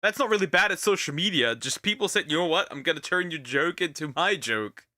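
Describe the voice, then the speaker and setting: Male reaction streamer: high, lively, stammery and profane, bone-dry recording. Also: brisk, no echo. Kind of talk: reaction commentary.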